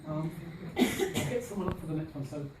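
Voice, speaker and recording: A man's voice: a little high, animated, fairly quick. A man teaching a class, modelling phrases with emphatic stress and asking students questions. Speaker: language teacher trainer. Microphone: far camera mic. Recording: roomy classroom from a distance, faint hiss.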